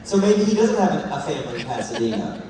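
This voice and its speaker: A man's voice: medium pitch, big pitch swings, fast, crowd noise. A man, an actor at a fan panel, telling rambling comedic stories on stage and laughing through them. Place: large convention hall with audience. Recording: echoey hall, voice from far off.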